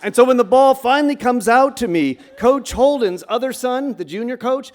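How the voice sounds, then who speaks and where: Animated man telling a true story on stage. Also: very high voice, normal speed, few pauses. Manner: animated, acts out the shouts of coaches. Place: stage before a live audience.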